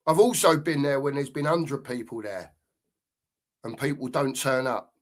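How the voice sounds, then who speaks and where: A man's voice: mid-range voice, moderate pace. A middle-aged man hosting a live football stream, ranting angrily and swearing, often repeating himself. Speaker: podcast host.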